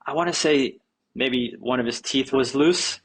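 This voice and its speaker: A man's voice: mid-range voice, measured pace, slightly rough. A young man, a guest, telling a story in a laid-back way, saying dude and like constantly. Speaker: guest skateboarder. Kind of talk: casual storytelling.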